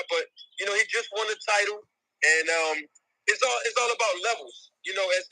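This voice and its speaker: A man's voice: high-pitched, pushed and bright, dry recording, poor audio. A man, a boxing manager, talking emphatically in a podcast discussion.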